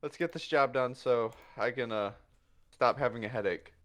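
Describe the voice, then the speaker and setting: A man's voice: medium pitch, normal speed, fairly bright tone, lightly acted. A man voicing a grumpy, weary male adventurer who mutters in exasperation.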